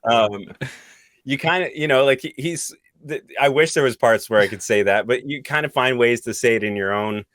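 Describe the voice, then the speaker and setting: A middle-aged man, a voice actor guest on a podcast, talking casually and reflectively, often pausing to search for words. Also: mid-range voice, fairly bright tone, no echo, studio quality.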